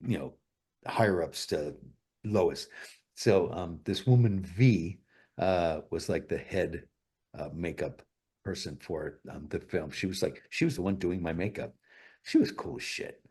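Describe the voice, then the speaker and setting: A man's voice: deep voice, a little mellow, breathy edge. A male guest telling stories in a casual interview, rambling and swearing a lot. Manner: profane, rambling, full of fillers.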